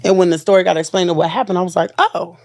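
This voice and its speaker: An interview guest telling a personal story, earnest and halting, often trailing off and restarting. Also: medium pitch, flat delivery, dark tone, dry recording. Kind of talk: emotional personal account in an interview.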